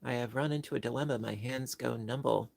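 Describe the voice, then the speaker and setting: A man's voice: medium pitch, a little fast, creaky, darkish tone, slight background noise. A man hosting a home livestream, chatting casually and reading viewers' comments, rambling and apologizing with many ums and restarts. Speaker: livestream host.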